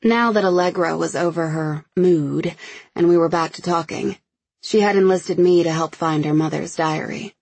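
A woman narrating a first-person audiobook in a measured, intimate, low-key way. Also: vocal fry, a little mellow, slightly rough, no room sound.

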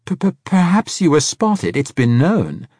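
A man's voice: on the high side, huge pitch swings, a little slow, a little mellow, slightly rough, no room sound, clean studio sound, voice pushed up, full character voice. A man reading a novel aloud and voicing a fussy, stammering old bachelor with rattling false teeth, in a fluttery, pleading way. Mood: nervous.

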